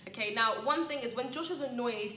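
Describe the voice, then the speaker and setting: Young woman telling a story, quick to act out quotes, bright voice, echoey room. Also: on the high side. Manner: animated, acts out quotes with laughter. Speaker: co-host. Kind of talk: casual storytelling chat. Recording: echoey room, faint noise.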